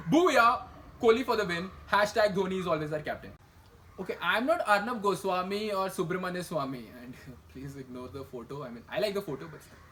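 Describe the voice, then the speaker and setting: Lively sarcastic man hosting comedy news. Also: high-pitched, slight background noise, low-quality recording. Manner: sarcastic, quick asides and rhetorical questions. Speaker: comedy news show host. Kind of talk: satirical news monologue.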